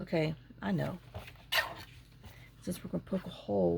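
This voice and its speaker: A woman's voice: lowish voice, steady tone, moderate pace, vocal fry, noisy background. A middle-aged woman chatting and rambling through stories while she works on a craft project. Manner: chatty, rambling storyteller, talks to herself while working. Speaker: craft vlogger. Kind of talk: casual chat while crafting.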